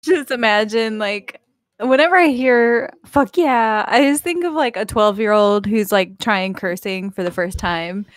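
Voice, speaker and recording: A woman co-hosting a casual stream, chatty and quick to laugh. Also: mid-range voice, no room sound, clean studio sound. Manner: giggly, chatty. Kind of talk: casual livestream chat.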